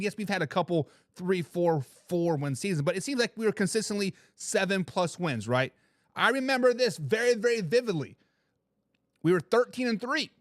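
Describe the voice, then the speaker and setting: A man with a fairly high voice hosts a casual sports talk stream, reading viewer comments aloud and answering them in a relaxed, chatty way. He laughs easily and leans on the same stock phrases. The sound is close and dry, with no room echo. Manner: laid-back, laughing often, repeats catchphrases. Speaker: sports talk show host.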